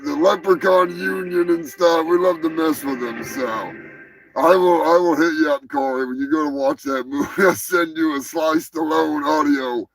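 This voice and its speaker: A man hosting a live stream, rambling and swearing casually while high. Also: gravelly, poor audio. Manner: rambling, profane, laid-back. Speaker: host.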